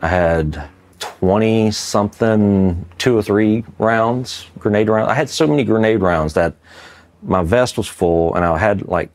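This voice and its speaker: A middle-aged Army veteran with a low, deep voice, telling his combat story in an interview. He rambles casually, leans on fillers like "you know" and "like," and keeps his delivery loose and conversational. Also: measured pace. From Mississippi, US.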